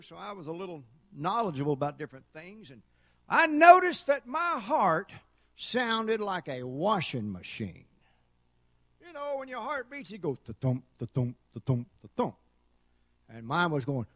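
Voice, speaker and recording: A middle-aged man preaching a sermon, telling folksy stories and building to loud shouts. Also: on the high side, no echo. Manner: folksy storytelling, dramatic swings to loud shouting. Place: church sanctuary.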